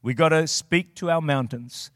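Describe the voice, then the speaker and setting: A man preaching a sermon as a pastor, swinging from quiet storytelling to shouted declarations. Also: on the high side, normal speed, no echo, clean studio sound.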